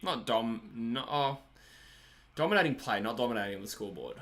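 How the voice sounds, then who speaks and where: A man's voice: medium pitch, animated, a little fast, a bit bright, soft background music. An Australian man hosting a live stream, chatting casually while watching a match, laughing often and answering viewers' comments. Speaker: livestream host.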